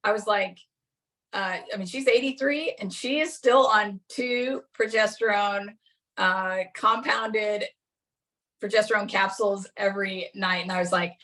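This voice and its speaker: Speaking unhurriedly in a mid-range, fairly bright voice, a middle-aged woman gives a relaxed class presentation. She's conversational and anecdotal, laughing frequently while telling her own story.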